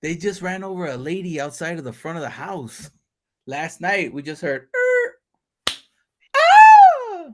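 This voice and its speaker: With a slightly high voice at normal speed, a male livestream host keeps the casual chat loose and profane. He jokes constantly and laughs throughout.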